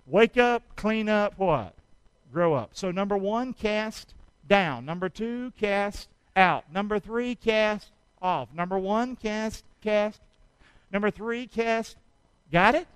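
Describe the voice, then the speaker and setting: A man preaching a sermon, calling on the congregation to repeat after him and shouting exhortations. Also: high voice, expressive, slow pace, smooth, dry recording, low-quality recording. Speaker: pastor.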